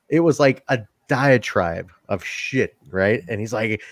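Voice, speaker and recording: A man co-hosting a casual wrestling review podcast, animated and profane, laughing often. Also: lowish voice, measured pace, no room sound. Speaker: podcast co-host.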